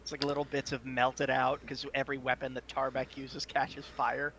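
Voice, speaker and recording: A man's voice: mid-range voice, completely flat delivery, normal speed, creaky, a bit bright, a little hiss or hum. A young man playing in a tabletop game, chatting casually and easily amused. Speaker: player. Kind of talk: casual chat.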